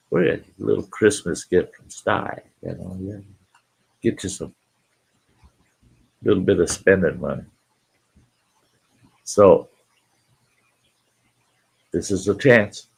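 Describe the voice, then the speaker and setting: A man's voice: on the low side, expressive, a little slow, vocal fry, long pauses, husky. A man hosting a holiday live stream in a casual, folksy way, greeting viewers by name and often repeating himself. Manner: folksy and repetitive, calls listeners folks.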